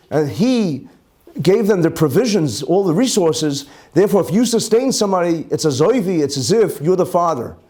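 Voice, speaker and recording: High-voiced rabbi teaching Talmud. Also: male voice. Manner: explains each term twice, Hebrew and Yiddish mixed in; lively, rhetorical questions. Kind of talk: Talmud class lecture.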